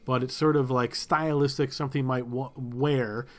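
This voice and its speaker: A man narrating a tabletop game as game master, relaxed and searching for words. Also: medium pitch, moderate pace.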